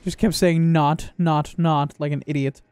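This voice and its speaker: A man giving casual gameplay commentary, joking, swearing and reacting loudly to the game. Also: a little high, steady tone, unhurried, clear, resonant tone, no echo. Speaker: gaming video creator.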